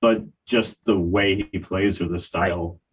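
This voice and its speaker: Slow, low-voiced older man musing. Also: fairly even intonation, slightly rough, low-quality recording. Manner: slow, hesitant, many ums and uhs. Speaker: podcast co-host reviewing albums. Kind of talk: casual chat.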